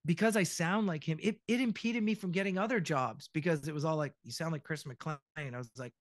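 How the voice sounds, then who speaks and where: A man's voice: on the high side, brisk, no room sound, studio quality. A middle-aged voice actor chatting as a podcast guest. He tells his stories with energy, acts out the quotes, and swears freely. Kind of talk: casual podcast chat.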